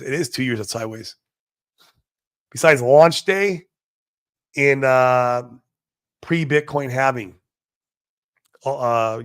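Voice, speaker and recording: A man hosting a casual livestream, talking brashly and excitedly, swearing and answering viewers in the chat. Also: medium pitch, dry recording, clean studio sound. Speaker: livestream host.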